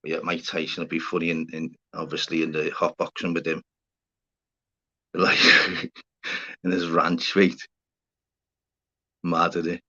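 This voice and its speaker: A man's voice: deep voice, completely flat delivery, a little slow, pauses often, a bit bright. A middle-aged Scouse man chatting casually on a livestream, swearing freely and calling his viewers mate and fella. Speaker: livestream host. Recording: slightly dull lo-fi sound.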